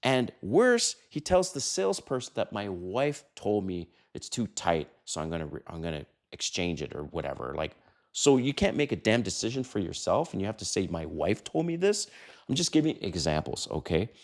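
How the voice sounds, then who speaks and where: Blunt, deep-voiced middle-aged man. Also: very animated, moderate pace. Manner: blunt and profane, mimics voices. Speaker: dating advice host. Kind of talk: casual vlog monologue.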